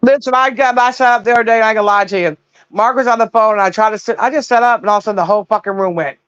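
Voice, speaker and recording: Middle-aged woman on a call, swears freely, animated storyteller, dry and dull lo-fi sound. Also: a little high, racing, clear, resonant tone, no room sound. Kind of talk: casual chat.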